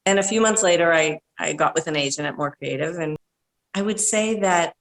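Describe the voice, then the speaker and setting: A woman's voice: sits low, moderate pace, poor audio. A woman voiceover artist as an interview guest on a video call, telling long, chatty anecdotes full of quoted asides. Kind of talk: casual storytelling interview.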